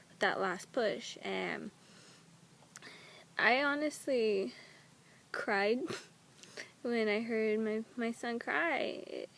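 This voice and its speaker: A woman's voice: mid-range voice, creaky, a little hiss or hum. A young woman, a new mother, telling her personal story at home in a candid, emotional way, with frequent halts and restarts.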